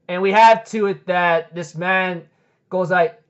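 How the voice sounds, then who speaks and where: A man's voice: high voice, fairly even intonation, takes it slowly, clean tone. A young man casually recapping an anime episode, rambling with many fillers like um and like. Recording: dull lo-fi recording.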